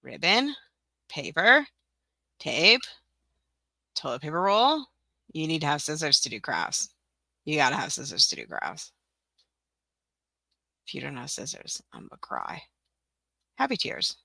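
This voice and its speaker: A woman's voice: low voice, big pitch swings, unhurried, gravelly, long pauses, bright, forceful tone, dry recording. A young adult woman hosting a casual live-stream tutorial, chatting to herself as she works, joking at her own expense and laughing often. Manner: chatty, self-mocking, talks to herself while working, laughs often. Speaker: teacher-resource creator hosting a live stream.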